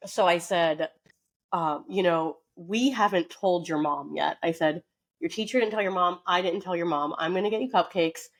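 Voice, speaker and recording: A woman co-hosting a casual podcast, talking on at length in a chatty, animated way. Her voice sits on the low side, and she keeps a story going with loose fillers. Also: normal speed. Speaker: podcast co-host.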